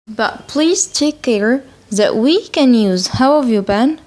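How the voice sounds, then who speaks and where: A woman whose first language is Arabic teaches English at a slow, careful pace, saying each phrase again and again for learners to copy. Her voice sits fairly high. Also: lively intonation, a little mellow. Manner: repeats phrases many times for practice. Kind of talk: slow spoken English lesson with repeat-after-me drills.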